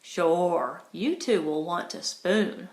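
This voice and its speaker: A woman's voice: lowish voice, takes it slowly, a little mellow. A woman reading an audiobook, voicing a sweet, bold young ranch girl who talks in a cool, sweet drawl, in a roomy recording. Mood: teasing. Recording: roomy echo.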